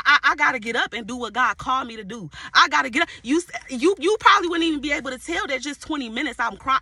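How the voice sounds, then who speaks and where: A woman's voice: high voice, sharp tone, breathy edge, no echo, clean studio sound. A woman coach giving a fervent, repetitive faith talk to camera and praying aloud to God. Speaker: inner healing and purpose coach. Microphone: camera mic.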